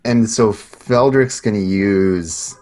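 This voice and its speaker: A man playing a tabletop game who talks through his plans slowly and thoughtfully. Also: lowish voice, darkish tone. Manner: slow, thoughtful planning. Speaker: player. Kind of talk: casual tabletop game chat.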